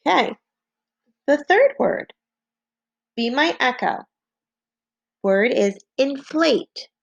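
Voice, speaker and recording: Woman teacher doing phonics dictation, real slow and patient, dry close sound. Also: high-pitched, lively intonation, dry recording, muffled recording. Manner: slow, clear, patient dictation with repeated words. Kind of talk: phonics lesson for young children.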